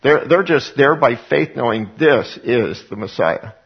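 Gravelly male preacher teaching scripture, slightly husky, dull lo-fi sound. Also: medium pitch, animated, a little slow. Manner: reads scripture, acts out voices of people. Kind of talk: Bible teaching. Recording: dull lo-fi recording.

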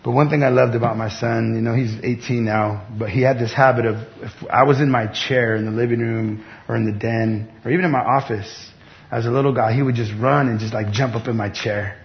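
A middle-aged man preaching a sermon as pastor, talking conversationally with bursts of excited emphasis. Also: mid-range voice, brisk. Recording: dull lo-fi sound with faint background noise.

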